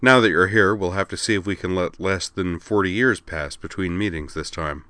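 A man's voice: sits low, normal speed, bright, forceful tone, dry recording. A man voicing a hearty, wry veteran police captain in a read-aloud story.

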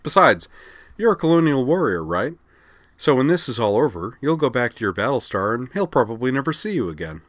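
A man reading an audiobook, voicing a cheerful, impish young woman engineer in a higher, brighter register. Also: sing-song, brisk, no echo.

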